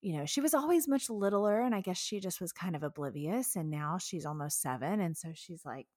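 A woman in her thirties excitedly retelling a stressful story in a casual, animated way, with frequent laughs and the odd swear word. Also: lowish voice, fairly quick, dry recording, clean studio sound. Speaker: social media mentor.

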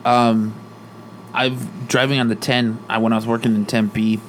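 A man's voice: mid-range voice, unhurried, a little hiss or hum. A man in a casual chat, telling road-rage stories and acting out the quotes, with plenty of swearing. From Arizona, USA. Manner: animated storyteller, acts out quotes, swears.

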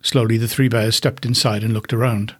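A man, a podcast host, narrating a children's storybook in an expressive, unhurried way. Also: on the low side, breathy edge.

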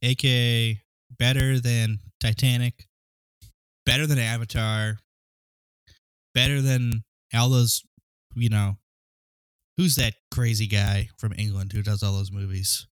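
A man co-hosting a casual movie podcast, ranting excitedly and swearing. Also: medium pitch, measured pace, pauses often, clear, resonant tone, dry recording. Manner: excitable, profane rant. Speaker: podcast co-host.

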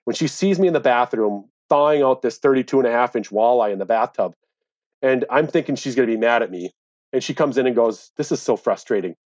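A man's voice: medium pitch, fairly quick, a little mellow, dry recording, highs cut off. Indignant man telling his story. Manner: earnest, indignant when recounting. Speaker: interviewee, angler. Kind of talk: conversational storytelling.

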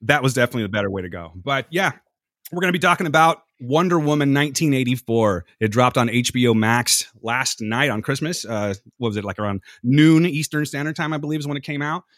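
Man, podcast host, fast animated storytelling, swings his pitch a lot, dry close sound. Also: no echo. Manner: animated, profane, jumps between anecdotes. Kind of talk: casual storytelling chat.

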